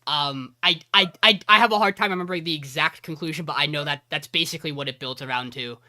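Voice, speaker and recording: A man co-hosting a podcast, retelling an anime episode in a rambling, animated way with many fillers. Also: fairly high pitch, quick pace. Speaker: podcast co-host. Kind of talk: casual anime recap.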